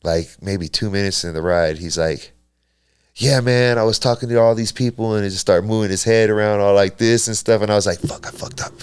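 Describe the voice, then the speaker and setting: Low, clear-voiced man telling stories. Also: fairly quick, darkish tone, no echo. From Kentucky and South Texas. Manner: laughing, profane storyteller who acts out voices. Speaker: podcast host. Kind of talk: casual storytelling chat.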